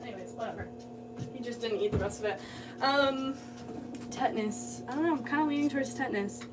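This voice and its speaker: A woman's voice: on the high side, fairly quick, loud music behind the voice. A woman potter on a livestream, chatting casually and rambling to viewers while she works in her studio. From United States. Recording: voice a bit distant, steady hum behind.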